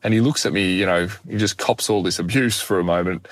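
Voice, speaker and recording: A young man, an animated, self-deprecating guest telling a personal story in conversation. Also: sits low, fairly quick. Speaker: guest speaker.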